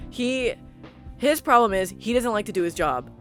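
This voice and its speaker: A woman co-hosting a podcast in casual chat, blunt and quick to swear. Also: a little high, expressive, soft background music. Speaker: podcast co-host.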